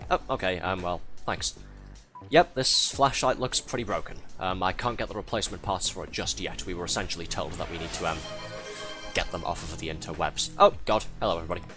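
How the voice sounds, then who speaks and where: A man's voice: low voice, brisk, bright, forceful tone, faint music behind. A man doing live gameplay commentary, chatty and a bit flustered, laughing often as he reads out viewer messages. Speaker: streamer.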